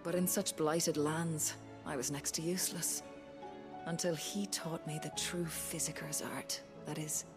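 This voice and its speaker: A weary low-voiced army physician. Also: female voice, flat delivery, unhurried. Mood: somber. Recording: game audio with music behind.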